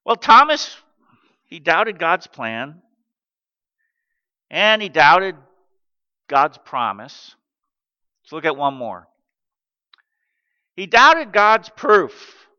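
A man in his sixties preaching a sermon, animated and acting out the quotes he tells. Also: fairly high pitch, very slow, long pauses, smooth. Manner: animated, acts out quotes in character. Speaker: pastor. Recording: dull recording with long hall reverb.

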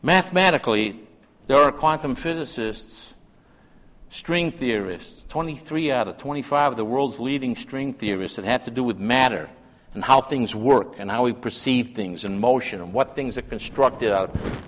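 A man preaching a sermon, swinging between loud emphatic calls and hushed asides. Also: medium pitch, moderate pace. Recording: long hall reverb.

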